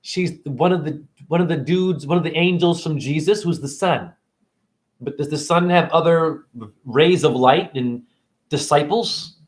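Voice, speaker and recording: A man speaks to camera in a voice that sits a little high for his sex. He rambles from point to point, preaching and swearing freely as he goes. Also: measured pace. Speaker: spiritual video blogger.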